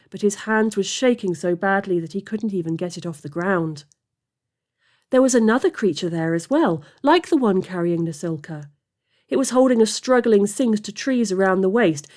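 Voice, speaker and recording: A woman narrating an audiobook fantasy story in a steady, expressive voice. Her pitch sits in an ordinary middle range. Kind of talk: audiobook fiction reading.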